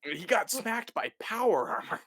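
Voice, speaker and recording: Male co-host, bright forceful voice, lively play-by-play recap, drops into quick impressions. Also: sits high, no echo, studio quality. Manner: animated retelling, acts out the characters' lines. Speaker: podcast co-host. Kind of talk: casual recap chat.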